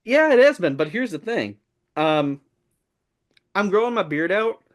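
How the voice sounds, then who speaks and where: A man's voice: high voice, sing-song, a little slow. A man joining a comedic podcast, boastful and playful. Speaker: podcast regular.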